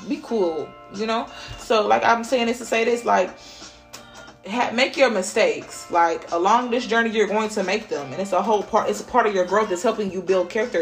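A woman hosting a podcast, giving a casual spiritual pep talk in a blunt, profane way. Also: medium pitch. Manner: blunt and profane, swears freely. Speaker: podcast host.

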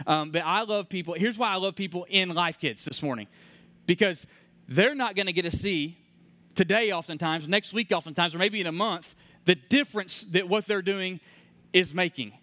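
High-voiced earnest preaching man. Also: moderate pace, bright, forceful tone, no echo. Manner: earnest, repeats key phrases, tells personal anecdotes. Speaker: pastor. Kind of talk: conversational sermon.

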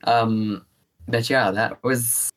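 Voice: medium pitch, fairly even intonation, very slow, a bit bright, poor audio. A podcast co-host in casual chat, reading out film reviews, giggling often and trailing off with fillers.

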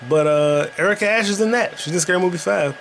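A man's voice: high-pitched, quick pace, vocal fry, fairly bright tone, a little hiss or hum. Rambling, profane man chatting casually. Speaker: podcast host playing a video game. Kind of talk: casual gaming commentary.

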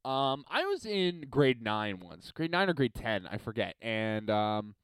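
A young man from Montreal hosting a podcast alone, ranting and swearing, swinging between loud and quiet. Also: mid-range voice, big pitch swings, measured pace, clean tone, no room sound. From Montreal, Canada. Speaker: podcast host. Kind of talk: solo podcast rant.

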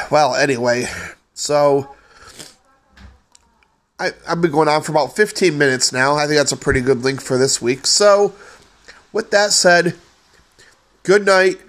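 A man's voice: mid-range voice, steady tone, unhurried, pauses often. A man hosting a solo podcast, ranting with lots of profanity in an exasperated way. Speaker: podcast host.

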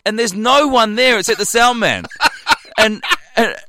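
A man from New Zealand co-hosting a relaxed talk show, spinning long stories and acting out other people's lines. His voice is smooth and clear, and the recording sounds dry and close. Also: high voice, a little slow, no echo. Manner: rambling storyteller, acts out quotes. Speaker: co-host. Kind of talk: casual chat.

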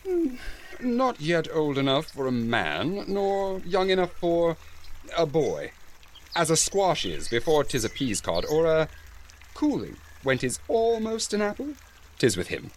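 A man's voice: on the high side, huge pitch swings, a little slow, slight background noise. A man playing a pompous fussy steward. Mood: haughty. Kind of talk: Elizabethan stage acting.

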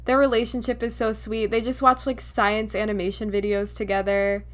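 A woman's voice: mid-range voice, little pitch movement, moderate pace. A young woman co-hosting a podcast, talking in a gushing, enthusiastic way. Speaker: podcast co-host. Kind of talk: casual chat.

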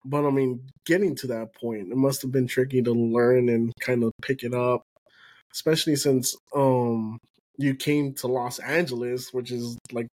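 A man's voice: medium pitch, fairly even intonation, normal speed, a little mellow. Easygoing man podcast host. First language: Spanish. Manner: encouraging, laughs often, frequent backchannels. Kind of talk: casual interview chat.

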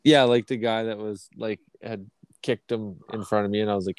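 A man's voice: on the low side, fairly even intonation, fairly quick, smooth, dry recording. A man from Canada telling long, rambling, profane stories in a casual podcast chat. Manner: profane, rambling anecdotes with acted quotes. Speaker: podcast co-host.

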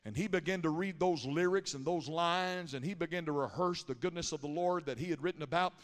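A man preaching a Pentecostal sermon in a church, telling stories in a quick, rhythmic cadence and building up to shouted, chanted lines. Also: on the high side. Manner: punctuates lines with a breathy "huh". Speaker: pastor. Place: large church sanctuary. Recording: live sermon with long hall reverb.

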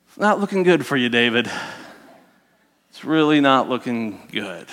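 A man preaching a sermon as a lively story, acting out the characters' voices and adding joking asides. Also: mid-range voice, moderate pace, long pauses, in a large hall. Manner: animated, voices the characters, self-mocking asides.

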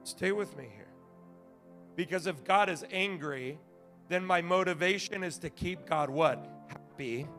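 A male pastor preaching a sermon, telling stories with big swings from shouting to hushed asides. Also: on the high side, unhurried, soft background music. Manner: animated storytelling, swings from shouting to quiet.

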